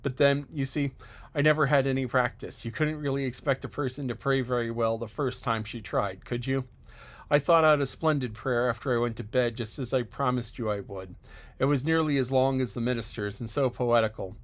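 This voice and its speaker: A man's voice: medium pitch, brisk, lightly acted. A man reading an audiobook, voicing an eager, talkative orphan girl who pleads breathlessly and wistfully. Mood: apologetic. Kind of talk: audiobook character voice.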